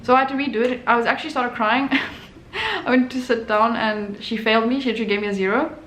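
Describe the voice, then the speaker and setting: A young adult woman, an artist who hosts her own channel, chats through a personal story full of fillers and restarts. Her voice is a little high and a bit bright, and she talks fairly quickly. The recording has an echoey room and faint noise.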